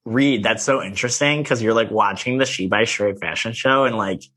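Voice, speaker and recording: A man chatting casually on a podcast, gossipy and animated, laughing often. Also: on the low side, brisk. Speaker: podcast co-host. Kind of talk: casual chat about reality TV.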